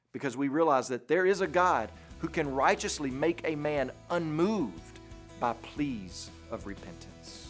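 A man preaching a sermon in an earnest, deliberate way, pausing for emphasis. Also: fairly high pitch.

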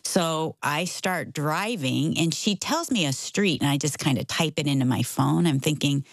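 Middle-aged woman guest, low gravelly storyteller, dry close sound. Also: moderate pace, few pauses, no echo. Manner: animated, acts out quoted voices. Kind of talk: casual storytelling.

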